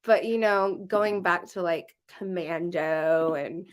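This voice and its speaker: A woman co-hosting a live podcast, speaking in an unhurried way, trailing off with filler words and laughs. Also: fairly low pitch. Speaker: podcast co-host. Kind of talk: casual live podcast chat.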